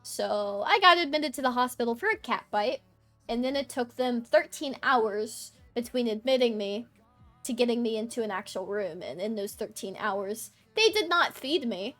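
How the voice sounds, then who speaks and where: A young woman streamer with a high voice tells a story in a loose, rambling way. She stays animated and swears freely as she chats. Faint music plays behind her. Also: normal speed. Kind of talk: casual storytelling chat.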